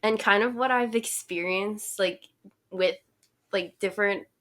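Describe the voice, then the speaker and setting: A woman's voice: mid-range voice, measured pace, a bit bright. A young woman co-hosting a podcast, chatting casually and wryly with lots of filler words. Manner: laid-back, wry, lots of "like" fillers. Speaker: podcast co-host. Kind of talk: casual chat.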